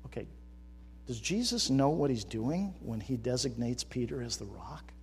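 A man preaching a sermon as pastor, moving between quiet reflection and loud, emphatic rhetorical questions. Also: mid-range voice, lively intonation, a little slow, creaky, slightly rough. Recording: reverberant hall.

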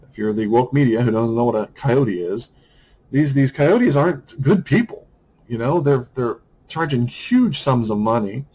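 A man's voice: medium pitch, slightly rough, rough recording. A man talking through a casual podcast monologue, rambling, with many restarts and fillers.

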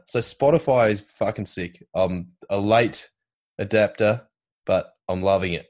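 Lowish aussie guy rambling on excitedly, swears, casual podcast chat. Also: unhurried. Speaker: podcast co-host.

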